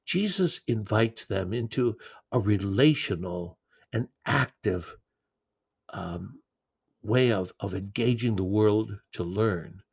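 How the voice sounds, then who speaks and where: A man preaching a sermon in an earnest, gentle way, with occasional repeated words. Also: lowish voice, expressive, slow, gravelly, breathy edge.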